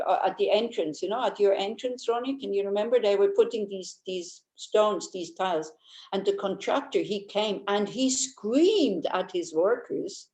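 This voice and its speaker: An older woman teaches Buddhist practice in a chatty, anecdotal way, often laughing. Her voice sits at an ordinary middle pitch. The room around her rings with a noticeable echo. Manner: chatty and anecdotal, with frequent restarts; warmly humorous, laughs easily. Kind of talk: informal Dharma teaching. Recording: roomy echo.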